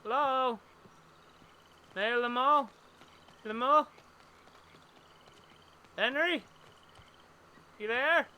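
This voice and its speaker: Slow, bright-toned man streaming a game. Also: very high-pitched, smooth. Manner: rambling, chatty explaining aside. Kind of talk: casual live gameplay commentary.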